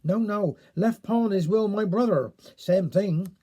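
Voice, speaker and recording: A man's voice: high voice, measured pace, dark tone. A man doing muddled Cornish villager. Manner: muddled, rambling.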